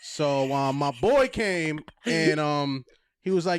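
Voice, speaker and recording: A young man with a Hartford, Connecticut accent, a comedian guest telling funny street stories and acting out the quotes loudly. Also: fairly high pitch, slow pace, smooth, no room sound. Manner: animated, loud acted-out quotes in stories. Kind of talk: casual storytelling.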